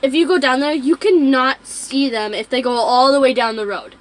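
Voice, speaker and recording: A woman's voice: high voice, moderate pace. A young woman telling a rambling, giggly story in a casual vlog and cussing often.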